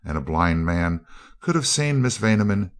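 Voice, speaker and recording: A man reading the lines of a cold, calm male scientist villain in an audiobook, speaking evenly and clipped. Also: deep voice, moderate pace. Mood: coldly calm. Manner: cool, even and clipped. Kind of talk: audiobook character voice.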